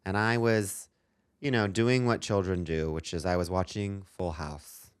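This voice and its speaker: A man's voice: deep voice, fairly even intonation, a little slow, clear, resonant tone, no echo, studio quality. A man co-hosting a comedic podcast, telling a story in a rambling, self-mocking way with lots of ums. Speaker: podcast co-host.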